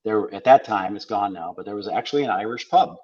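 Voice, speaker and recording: A podcast guest from South Dakota, USA, this older man has a low-leaning, darkish voice and a quick pace. In the dull lo-fi recording, he casually tells wry stories and quotes people's lines back and forth.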